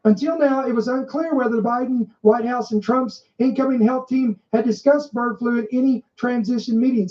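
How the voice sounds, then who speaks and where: Brief: woman podcast host, emphatic news commentary, mellow tone, dull muffled recording. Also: on the high side, moderate pace, few pauses. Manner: emphatic, stresses and repeats key words. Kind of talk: commentary reading news aloud.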